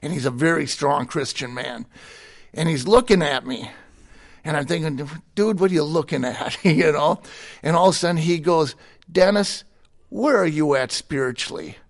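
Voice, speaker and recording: Brief: middle-aged man, candid guest telling his testimony, slightly high voice, plain and unpolished. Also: normal speed. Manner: plainspoken, candid, chuckles between anecdotes. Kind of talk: personal testimony in conversation.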